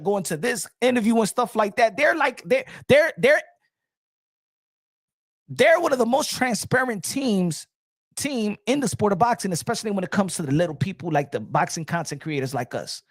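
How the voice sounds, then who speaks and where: A man's voice: high-pitched, lively intonation, normal speed. A man hosting a boxing livestream, talking casually and animatedly, switching between English and Spanish and repeating himself.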